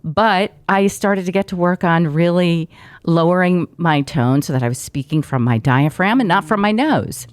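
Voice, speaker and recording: Middle-aged woman, radio pro, low voice, close dry studio mic, warm anecdotal guest. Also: normal speed, dry recording. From Brazil. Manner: warm, storytelling, laughs often, trained radio delivery. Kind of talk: casual interview chat.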